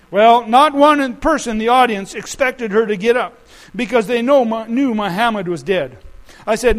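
A man preaching a sermon to a congregation, telling stories dramatically, with loud shouted peaks and quiet asides. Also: moderate pace, poor audio. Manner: dramatic storytelling, shouting and dropping to low asides.

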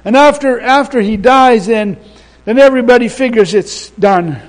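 A man preaching a sermon, emphatic and repeating his phrases, swinging between loud passages and soft ones, with conversational asides to the congregation. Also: very high-pitched, moderate pace, low-quality recording.

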